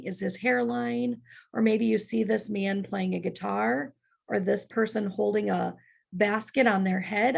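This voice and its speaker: A woman's voice: fairly high pitch, vocal fry, slightly rough. A woman leading a childcare staff training in a church parlor, practical and often checking in with "right?".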